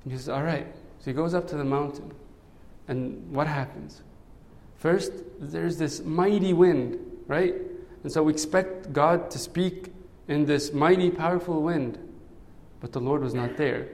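A man's voice: fairly high pitch, unhurried, a little mellow. A man preaching a sermon in a conversational way, often checking in with "right?". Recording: long hall reverb.

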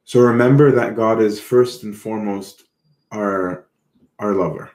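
Man, preacher, sermon, earnest, reflective, unhurried, echoey room. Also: on the low side, fairly even intonation, a little mellow. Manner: earnest, reflective, slow with repetitions.

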